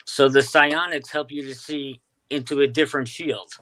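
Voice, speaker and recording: Bright-voiced New York man. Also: mid-range voice, steady tone, normal speed. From Staten Island, New York. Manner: storytelling, many fillers and restarts. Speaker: guest, UFO sky watcher. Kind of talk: casual interview chat.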